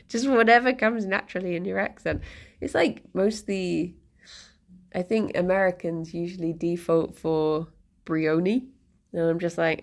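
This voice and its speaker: A young woman with a lowish voice and fairly even intonation speaks at a measured pace, pausing often. She's chatting casually on a live stream at home, sitting on the floor with her pet rabbits, rambling with many restarts and giggles.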